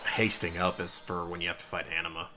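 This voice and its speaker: A man's voice: sits low, completely flat delivery, fast talker, noisy background. A young man casually commenting on his gameplay and explaining game mechanics. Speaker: let's play host. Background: game music.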